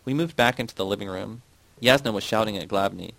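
A man reading a first-person audiobook narration in a measured, even way. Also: fairly low pitch, vocal fry, dry recording, rough recording.

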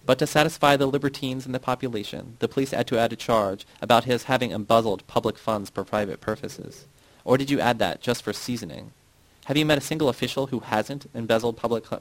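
Low-voiced man reading a novel aloud. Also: no room sound, rough recording. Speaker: audiobook reader. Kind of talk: scripted narration.

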